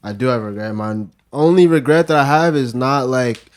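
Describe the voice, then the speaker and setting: A man's voice: mid-range voice, moderate pace. A man talking as a guest on a podcast, loose and joking, with heavy slang and lots of fillers. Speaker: podcast guest, music producer. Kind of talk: casual chat.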